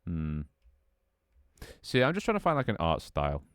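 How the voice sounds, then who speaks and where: A man's voice: deep voice, huge pitch swings, normal speed, clean tone, no room sound, studio quality. A man streaming a game and chatting casually, rambling, swearing freely and reacting to his chat. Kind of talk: casual gameplay livestream commentary.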